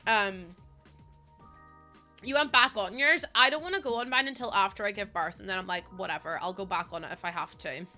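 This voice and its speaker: A woman's voice: medium pitch, a little fast, bright, forceful tone, soft background music. A young woman with a Northern Irish accent, chatting casually and self-mockingly while live-streaming, often laughing and reading chat aloud. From Northern Ireland.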